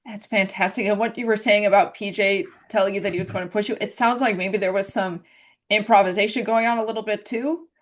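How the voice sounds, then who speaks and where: A woman's voice: mid-range voice, steady tone, fairly quick. A woman hosting an interview, asking friendly questions and adding light asides. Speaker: interview host. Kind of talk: casual interview chat.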